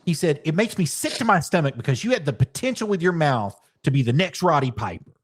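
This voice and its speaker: A man's voice: on the high side, quick pace, slightly rough. Chatty man telling a story. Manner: animated, swears casually, says dude. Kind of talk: casual storytelling chat.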